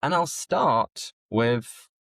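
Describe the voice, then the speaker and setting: A man's voice: mid-range voice, animated, fairly bright tone, no room sound. A man with a Yorkshire accent, teaching vocabulary on a podcast and stretching out key words so learners can catch them. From northern England. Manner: slow, clearly enunciated teaching with drawn-out key words. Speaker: English teacher. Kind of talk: podcast lesson.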